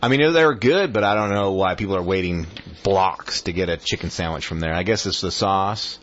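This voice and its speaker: A man's voice: sits low, moderate pace, fairly bright tone, dull audio. A man co-hosting a radio show, bantering with wry jokes. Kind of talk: casual radio chat.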